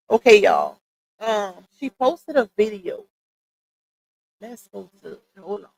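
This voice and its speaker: A woman's voice: mid-range voice, expressive, takes it slowly, creaky, long pauses, a little mellow, poor audio. A woman hosting a late-night livestream, chatting casually and addressing viewers directly as she gossips. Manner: chatty, talks straight to viewers with "y'all" and "child". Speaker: livestream host.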